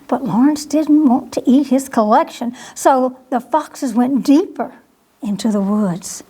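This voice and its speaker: Librarian, woman, reads a bedtime story slow and gentle, high voice, chats to the kids between pages. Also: husky. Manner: slow, gentle, asks the listeners questions. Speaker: children's librarian.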